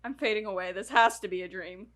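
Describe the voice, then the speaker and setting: A woman's voice: mid-range voice, steady tone, fast talker, a bit bright, lightly acted. A woman reading the part of a frightened young girl, pleading and panicked, heard from off-mic. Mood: scared. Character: frightened young girl lost in a spirit world. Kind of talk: casual read-through of film lines.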